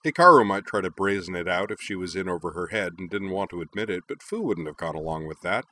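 A man narrating a story in a lively, expressive reading. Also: deep voice, fast.

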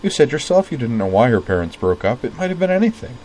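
A man voicing a gentle young woman who reassures a grieving friend in a soft voice. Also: mid-range voice, very animated, fast, slight background noise, voice pushed up, natural voice, low-quality recording. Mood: comforting.

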